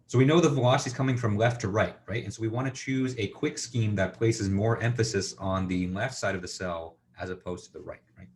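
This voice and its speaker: A man with a low voice teaches a university engineering class, working step by step through equations. He talks with lots of fillers and keeps checking in with "okay?" and "right?". A faint hum sits behind him. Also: a little fast, few pauses. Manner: thinking aloud with many fillers and checks like "okay?". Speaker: university lecturer. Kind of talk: recorded engineering lecture.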